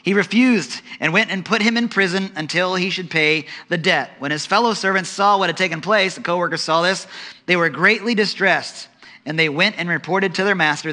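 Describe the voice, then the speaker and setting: A man preaching a sermon, dramatic, dropping to soft low tones for emphasis and acting out the voices of the story. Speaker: pastor.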